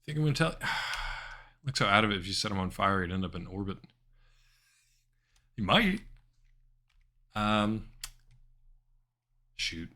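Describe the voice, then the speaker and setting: Male streamer, low voice that swings widely, dry jokey play-by-play. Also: normal speed, long pauses. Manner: wry, chatty, animated asides. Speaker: streamer playing an adventure game. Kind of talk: live gameplay commentary, reading game text aloud.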